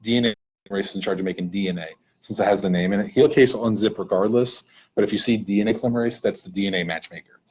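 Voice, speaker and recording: A man's voice: lowish voice, racing, darkish tone, highs cut off, a little hiss or hum. A male teacher leading a live online class in a playful, joking way, coaxing students to answer, over a computer mic on a video call.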